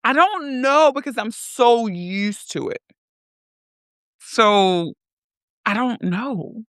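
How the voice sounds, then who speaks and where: A woman hosting a podcast in casual chat, teasing and quick to laugh. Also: on the high side, animated, fairly bright tone, no room sound, studio quality. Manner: laughs easily, chatty and teasing. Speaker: podcast host.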